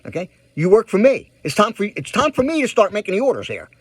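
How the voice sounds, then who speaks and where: Heated ranting man, high lively voice. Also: quick pace, slightly rough, no room sound. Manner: heated, repetitive, emphatic, addresses viewers directly. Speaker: political vlogger. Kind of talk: ranting direct-to-camera commentary.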